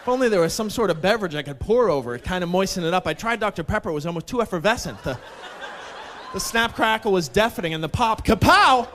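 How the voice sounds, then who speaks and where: A man's voice: sits high, expressive, fast, a bit bright, slight background noise. A man voicing a gloomy breakfast eater who whines overdramatically about his dry cereal. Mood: whiny. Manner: whiny, overdramatic complaining. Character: glum man moaning over dry cereal.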